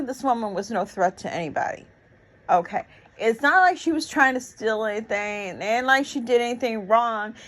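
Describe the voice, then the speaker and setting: A woman's voice: a little high, poor audio. A woman in her sixties giving an emotional, rambling reaction commentary, with many fillers and restarts. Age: 60s. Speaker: YouTube commentator.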